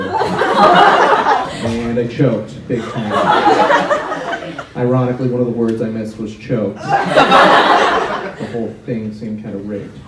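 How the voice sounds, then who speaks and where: A young man doing stand-up comedy, awkward and self-deprecating as he jokes with the crowd. His voice sits at an ordinary pitch and comes from far off the mic in an echoey hall. Loud noise hangs under the recording. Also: big pitch swings, slow pace, pauses often. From United States. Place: college auditorium before a live audience.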